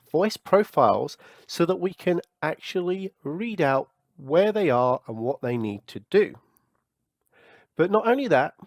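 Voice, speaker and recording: A man with a slightly high voice leads a software tutorial. He explains things step by step in a clear, instructive manner. The sound is dry and close, with little room echo. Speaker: tech tutorial host.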